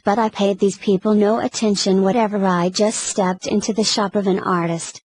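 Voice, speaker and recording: A woman reading a classic story aloud as an audiobook narrator, steady and even through long lists. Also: mid-range voice, normal speed, slight background noise, low-quality recording.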